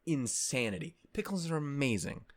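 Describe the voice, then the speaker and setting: A man's voice: medium pitch, animated, normal speed, no echo. A man hosting an anime discussion, talking in a casual, rambling rant full of profanity and mock outrage. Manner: rambling with many fillers and restarts.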